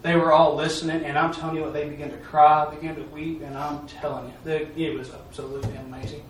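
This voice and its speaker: He talks fast in a high-leaning, level tone, a preacher offering a folksy testimony during a church talk. Repetition and the phrase "I'm telling you" run through it, captured in an echoey room by a distant mic with faint noise.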